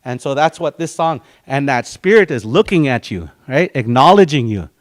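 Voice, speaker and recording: Speaking at normal speed with a medium pitch and big swings in it, a Dakota-accented man leads a language and culture class, taking words singly and acting out small quotes.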